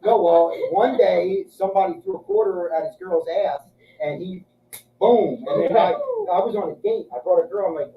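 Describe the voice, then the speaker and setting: A man's voice: sits high, normal speed, a little hiss or hum. Profane man telling stories, echoey. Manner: crude, profane, acts out voices in his stories. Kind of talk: casual storytelling chat. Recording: echoey, muffled room from a distance.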